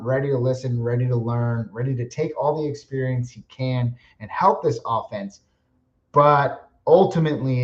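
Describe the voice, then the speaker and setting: A man hosting his own podcast, giving opinionated, casual football analysis and often correcting himself. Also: mid-range voice. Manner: casual, opinionated, self-correcting with small laughs. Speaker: podcast host. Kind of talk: solo fantasy football analysis. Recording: echoey room, dull lo-fi sound.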